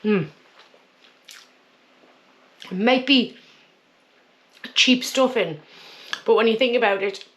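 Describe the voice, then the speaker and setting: A woman hosting a casual cooking vlog, chatting homely while she eats. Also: on the high side. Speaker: cooking channel host.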